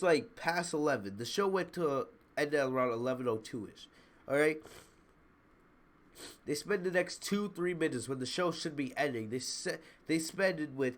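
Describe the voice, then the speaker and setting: A man's voice: on the high side, fairly bright tone. A man giving a blunt, opinionated review in a casual ranting manner, often repeating his points. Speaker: wrestling show reviewer.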